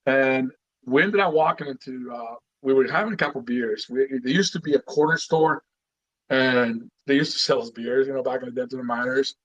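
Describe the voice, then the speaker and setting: A middle-aged man from Guatemala, a retired Marine telling his story as a guest in a casual podcast interview, animated and full of "you know"s. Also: medium pitch, moderate pace, lo-fi sound.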